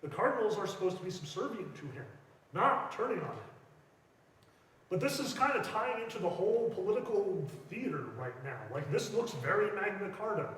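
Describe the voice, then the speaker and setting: A man giving a casual, jokey church history lecture, briefly acting out historical figures in quick asides. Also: sits high, sing-song, a bit bright, slight background noise. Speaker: church teacher. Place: church hall. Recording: echoey hall, mic far off.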